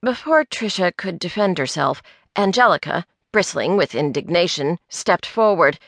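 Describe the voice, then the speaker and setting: Woman reading an audiobook, measured and clear, bright tone, dry close mic. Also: lowish voice, animated, no room sound. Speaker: audiobook narrator. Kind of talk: scripted narration. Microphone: close studio mic.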